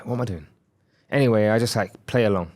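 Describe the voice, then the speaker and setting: A man in his thirties speaks as a podcast guest, telling a personal story with candid reflection. His voice sits fairly low. He slips into the dialogue he quotes, acting out the other people's lines. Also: quick pace, a little mellow.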